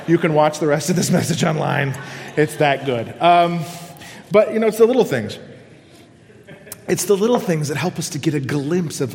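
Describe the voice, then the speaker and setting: A man preaching a sermon, swinging from loud excitement down to hushed, whispered lines. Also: on the high side. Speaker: pastor. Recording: long hall reverb.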